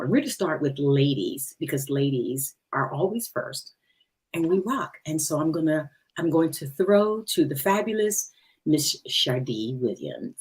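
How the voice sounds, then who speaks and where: A woman's voice: low voice, expressive, a little slow, a little mellow. A middle-aged woman hosting a podcast interview, playful and laughing often. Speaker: podcast host. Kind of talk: casual interview.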